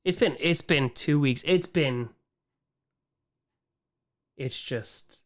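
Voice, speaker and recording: A man hosting a casual livestream Q&A, animated and ranting, swinging from excited outbursts to quiet, weary muttering. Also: a little high, a little slow. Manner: ranting, frustrated. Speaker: livestream host answering viewer questions. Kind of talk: casual live-stream chat.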